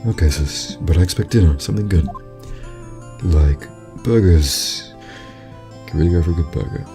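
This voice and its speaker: A man's voice: sits low, moderate pace, over music. A man voicing a cheerful, teasing teenage girl in a game playthrough, in a playful manner.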